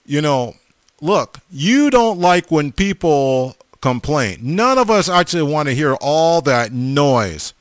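A man's voice: fairly high pitch, big pitch swings, slow pace, dry recording, clean studio sound. A man in his forties preaching a sermon, emphatic, with stammering restarts and repeated calls to his listeners.

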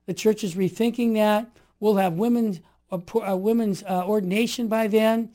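Older male guest, high mellow voice, preachy and animated, builds to forceful calls to action. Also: normal speed. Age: 60s. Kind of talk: impassioned storytelling.

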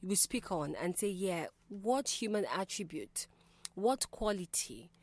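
A woman's voice: mid-range voice, big pitch swings, unhurried. A woman hosting a call-in radio show, talking in a reflective, conversational way and putting questions to her listeners.

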